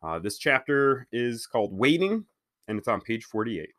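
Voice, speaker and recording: A man reads a chapter book aloud in a steady, plain manner, now and then going back to fix a slip. His voice sits in a middle pitch range. The sound is dry and close, with no room echo. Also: normal speed. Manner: steady reading, stops to fix his own slips. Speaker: children's book reader. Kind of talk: read-aloud storytelling.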